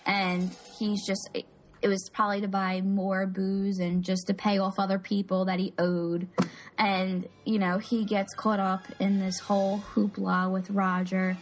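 A woman's voice: medium pitch, flat delivery, a little slow, poor audio. A woman co-hosting a movie podcast, chatty and self-deprecating, with many fillers. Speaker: podcast co-host. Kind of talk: casual movie podcast chat.

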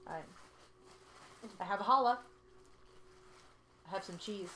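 A shy young elven archer, played by a woman introduces herself haltingly in a mid-pitched voice. She stumbles over her words and keeps stopping short. A faint hiss sits under the voice. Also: fairly bright tone, rough recording. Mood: awkward. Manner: halting, hesitant.

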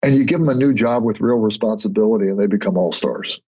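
A man, a guest on an interview podcast, telling stories in a conversational way and getting animated when he acts out other people. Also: fairly low pitch, fast. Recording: husky voice, dull lo-fi audio.

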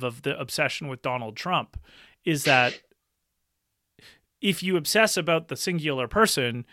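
A man's voice: a little high, bright, forceful tone, no echo, clean studio sound. A man in a casual podcast conversation, speaking earnestly and thoughtfully, often breaking into a laugh.

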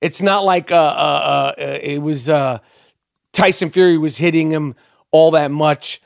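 A man's voice: on the high side, a little slow, creaky, no room sound, clean studio sound. A man hosting a podcast, delivering a heated, profane, unedited rant and repeating himself as he gets worked up. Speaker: podcast host.

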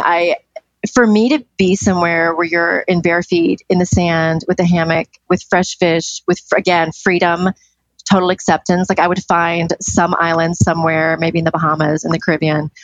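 Enthusiastic middle-aged woman, low voice, slightly dull. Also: no room sound. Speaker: podcast guest. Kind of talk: casual interview chat.

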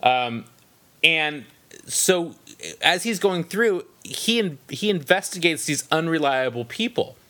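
A man co-hosting a casual book discussion, speaking thoughtfully with frequent pauses and restarts. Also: fairly high pitch, animated, bright, forceful tone. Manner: thoughtful, halting, many restarts and ums. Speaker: book podcast co-host.

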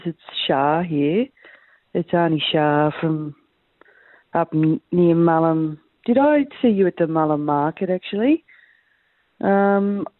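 Lady doing a low slow spacey hippie aunt, aussie drawl, dry cough, tinny phone line. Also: no echo. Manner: meandering, vague, spacey. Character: rambling hippie auntie caller, stoner, coughing. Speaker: caller.

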